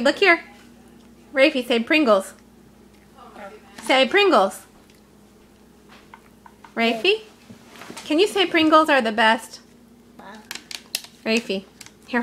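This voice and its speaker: High, bright coaxing baby talk from a woman. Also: slight background noise. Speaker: parent filming a toddler. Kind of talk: home video baby talk.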